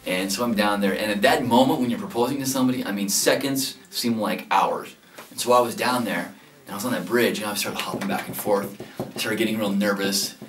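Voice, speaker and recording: A man in his thirties earnestly telling how he proposed, getting animated as he relives his nerves. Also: on the low side, a little fast. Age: 30s. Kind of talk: heartfelt interview recollection. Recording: echoey room, distant mic, soft music behind.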